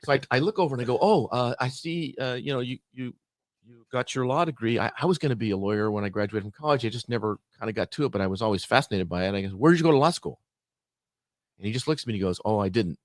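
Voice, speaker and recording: A middle-aged man on a podcast races through a work story in casual conversation, his voice sitting in the mid range. As a guest and lively storyteller, he acts out both sides of the exchange. The audio is studio quality with no room sound.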